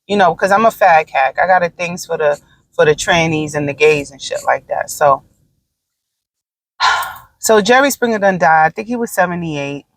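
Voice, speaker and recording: A woman's voice: on the low side, normal speed, dry recording, low-quality recording. Blunt, profane woman podcaster. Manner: rambling with frequent fillers and asides. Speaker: podcast host. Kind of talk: casual solo podcast monologue.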